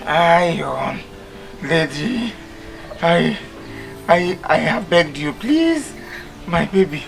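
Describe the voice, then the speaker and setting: An actor with a Nigerian accent playing a comic henpecked husband in a Nollywood comedy, pleading and blustering, mixing Igbo with pidgin. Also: male voice, fairly high pitch, very animated, drawn-out words, vocal fry, pauses often, faint music behind, full character voice.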